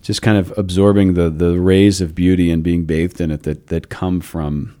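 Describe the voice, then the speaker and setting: A podcast host with a deep, dark, level voice leads a casual, reflective discussion at normal speed. He thinks aloud, restarting often and drifting into musing asides.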